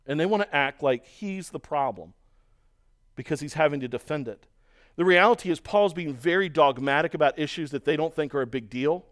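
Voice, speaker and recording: A man preaching a sermon, telling stories in a lively way and acting out the voices of other people. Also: a little high, fairly quick. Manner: storytelling, animated, mimics voices in quotes. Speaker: pastor.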